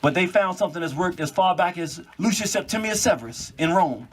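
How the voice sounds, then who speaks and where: A man giving an animated monologue, quick in bursts and laughing as he talks. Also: high voice, a little hiss or hum.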